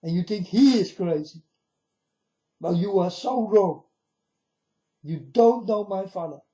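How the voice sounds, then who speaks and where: Though the subject is solemn, this man's high-pitched, dark voice is animated, and his pace is slow. He's a video blogger warning his viewers straight to camera, repeatedly saying "folks," in a dull, low-fidelity recording.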